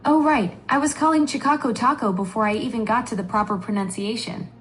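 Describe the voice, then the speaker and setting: A female-voiced AI assistant replying in an eager, upbeat way and quickly apologizing. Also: on the high side, a bit bright, a little hiss or hum, poor audio. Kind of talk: conversational AI replies.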